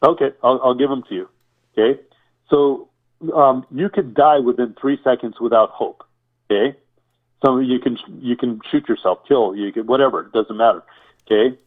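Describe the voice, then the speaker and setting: A man guest in an interview explaining survival preparedness, listing items and repeating points, asking rhetorical questions. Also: mid-range voice. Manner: enumerating, repetitive, rhetorical questions. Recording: tinny phone-like line.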